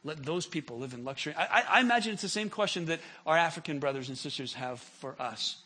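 A man preaching a sermon as pastor, impassioned, often repeating words as he builds, rising to near-shouts when voicing prayers. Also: on the high side, expressive, fast talker, slightly rough.

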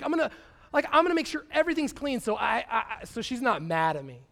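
A man, preaching a conversational sermon as pastor, swinging from quiet asides to excited bursts. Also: very high voice, fast.

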